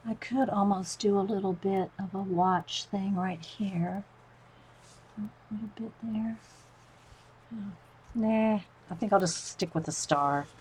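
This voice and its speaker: A woman's voice: mid-range voice, slow, slightly rough, low-quality recording. A woman demonstrating mixed media painting, murmuring to herself as she works. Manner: soft, murmured self-talk while painting, often near a whisper.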